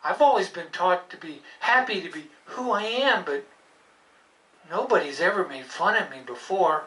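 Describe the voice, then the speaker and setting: Brief: bright, bouncy puppet dog boy, kind and excitable, voiced by a woman, roomy and from a distance. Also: lowish voice, moderate pace. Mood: hurt. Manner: bouncy, exclaiming, talks to the kids. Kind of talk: live puppet show.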